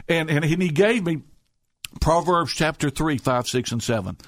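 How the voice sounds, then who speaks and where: A man's voice: fairly high pitch, moderate pace, dry recording, studio quality. Earnest middle-aged man telling a story. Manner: earnest storyteller with many restarts and repetitions. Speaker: rescue mission director, guest. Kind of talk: conversational radio interview.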